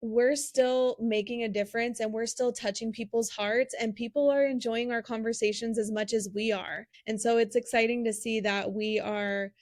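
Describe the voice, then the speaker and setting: A young woman co-hosts a relaxed podcast, talking in an earnest, upbeat way and laughing easily. Her voice sits a little high. The sound is dry and close, with no room around it. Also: moderate pace, few pauses, dry recording. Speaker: podcast co-host. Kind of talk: casual chat.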